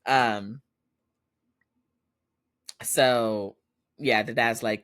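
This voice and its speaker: A chatty male podcast host retelling a drama episode in casual talk. He laughs often and slips into the characters' lines as he goes. His voice sits at an ordinary middle pitch and sounds dry and close to the mic. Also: measured pace, pauses often, a bit bright, dry recording.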